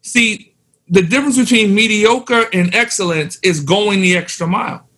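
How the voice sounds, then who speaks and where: Husky-voiced pastor musing on excellence. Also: male voice, high voice, moderate pace, sharp tone. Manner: reflective, preachy turns of phrase. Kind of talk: casual chat about ministry.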